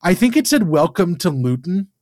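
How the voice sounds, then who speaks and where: A man's voice: high-pitched, big pitch swings, moderate pace, darkish tone, no echo. A man co-hosting a podcast in casual chat, dry and matter-of-fact as he reads out scores and nitpicks. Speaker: podcast co-host.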